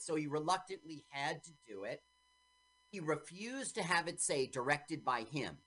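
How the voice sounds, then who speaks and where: A woman's voice: low voice, moderate pace, poor audio. A woman co-hosting a casual film podcast, telling behind-the-scenes stories and acting out the quoted lines. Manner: animated storytelling, acts out quoted lines. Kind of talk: casual chat about an old film.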